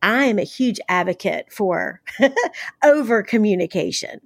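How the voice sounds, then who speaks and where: A woman's voice: medium pitch, animated, unhurried, slightly rough, no echo, studio quality. A woman from the American South, an author being interviewed, talking casually with blunt, salty humor and lots of fillers. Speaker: author guest.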